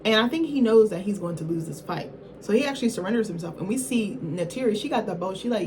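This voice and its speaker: A woman's voice: medium pitch, lively intonation, fast, background noise. A woman vlogger giving a casual, rambling film review, swearing freely and acting out characters in quotes. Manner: chatty, profane, acts out characters in quotes; rambling, self-correcting, apologetic asides.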